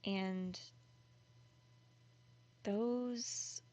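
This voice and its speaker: A woman's voice: medium pitch, steady tone, drawn-out words, a little mellow, low-quality recording. A woman doing a nervous college guy. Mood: shaken. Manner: hesitant, shaken. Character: nervous young man, college student home on break.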